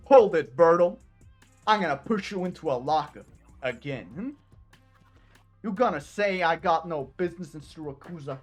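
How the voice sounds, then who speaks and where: A woman's voice: low voice, animated, normal speed, long pauses, darkish tone, soft background music, voice pushed down. A woman voicing a brash, bored male penguin boss who talks in a slangy, teasing street drawl. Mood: swaggering.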